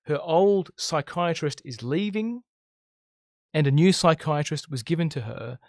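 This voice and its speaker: Man, fairly high voice with a gravelly edge, blunt spiritual teacher, keeps tagging "right?", dry sound. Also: animated, measured pace, no room sound. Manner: emphatic, keeps checking in with "okay?" and "right?"; blunt, swears freely. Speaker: I Ching teacher and counselor. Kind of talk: casual spiritual monologue to camera.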